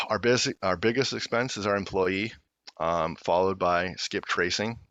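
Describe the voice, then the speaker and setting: Low-voiced man presenting over a call. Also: a little slow, pushed and bright, no echo. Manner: plain businesslike explaining. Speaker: guest presenter. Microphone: video call. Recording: dull lo-fi call audio.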